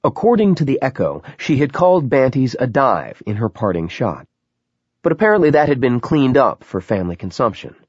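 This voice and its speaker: A man narrating a novel in a lively, dramatic reading. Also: medium pitch, a little fast, slightly rough, dry recording. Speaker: audiobook narrator. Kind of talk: scripted narration. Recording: dull, lo-fi sound.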